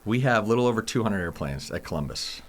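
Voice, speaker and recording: A man in his forties, a base commander, answering interview questions in a plain, measured way with some restarts. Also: lowish voice, expressive. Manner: plain, measured, repeats words. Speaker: air force base commander.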